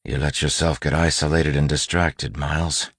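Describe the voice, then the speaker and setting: A man voicing a battered, wounded male lawman who speaks quietly and steadily through the pain. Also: extremely low pitch, little pitch movement, moderate pace, husky, dry recording, studio quality, heavily acted. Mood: quiet reproach.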